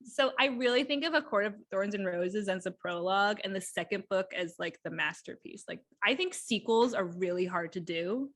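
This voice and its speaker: A woman co-hosting a podcast, chatting about a book in an excited, rambling way with quick bursts. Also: mid-range voice. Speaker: podcast co-host. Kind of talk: casual book chat.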